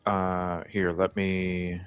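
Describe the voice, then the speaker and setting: A man with a lowish voice who talks slowly and deliberately while hosting a live stream. He reads a transcript aloud and answers viewers' chat messages. Faint music plays underneath. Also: monotone, clear, resonant tone. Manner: reads out chat comments and asks viewers to vote.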